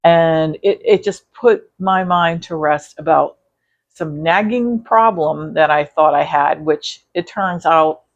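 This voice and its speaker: A woman's voice: low-pitched, slow pace. Chatty woman on a muffled recording. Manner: rambling, chatty, with many fillers and self-corrections. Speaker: quilting vlogger. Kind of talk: casual chat reviewing videos.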